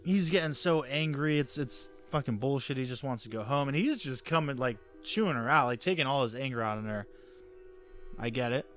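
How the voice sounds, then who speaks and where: A man's voice: mid-range voice, expressive, a little fast, music in the background. A man co-hosting a podcast, casually recapping an episode, laughing often, swearing and acting out characters' lines. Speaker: podcast co-host.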